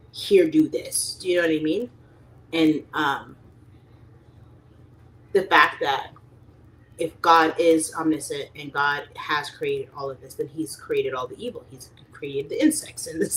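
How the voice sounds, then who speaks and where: A young adult woman hosting a livestream, chatting casually and rambling with lots of fillers, reading chat and acting out quoted people. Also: low voice.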